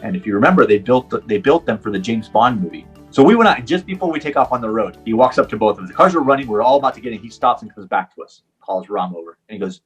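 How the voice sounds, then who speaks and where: A man's voice: lowish voice, fast talker, few pauses, slightly rough, soft background music. A middle-aged man from Puerto Rico who is a professional driver, telling a personal story in an interview and acting out the dialogue. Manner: animated storyteller, acts out quoted dialogue.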